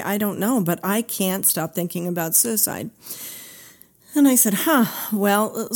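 A woman's voice: mid-range voice, a little mellow. A woman therapist giving an earnest talk, telling a client's story and acting out the dialogue.

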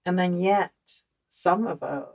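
A woman with a Dutch accent hosting a podcast, telling a personal story in an animated, conversational way with lots of fillers. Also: fairly low pitch, slow pace, gravelly, poor audio. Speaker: podcast host.

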